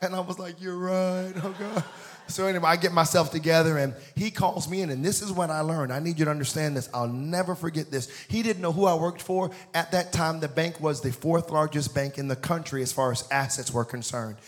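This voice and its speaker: A man in his forties preaching a sermon, telling a story with acted-out voices and building to shouted, sing-song peaks. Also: on the high side, a little fast, few pauses. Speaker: pastor.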